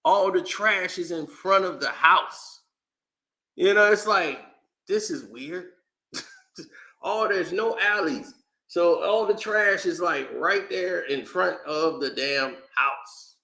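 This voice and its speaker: Bright-voiced man ranting animatedly. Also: high-pitched, slow pace. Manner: animated, exasperated ranting with laughs and slang. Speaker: commentary channel host. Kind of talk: casual opinion rant.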